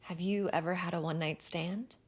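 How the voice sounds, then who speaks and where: Woman voicing a smooth flirty college guy. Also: fairly even intonation, a little fast, lightly acted. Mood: hushed flirtatious. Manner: low, hushed, teasing. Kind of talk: audiobook character voice.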